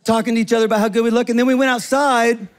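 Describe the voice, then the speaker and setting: A pastor voicing a pumped-up male gym-goer who tells his story loudly and excitedly. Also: extremely high pitch, racing, smooth. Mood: hyped. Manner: loud, excitable, bro-ish.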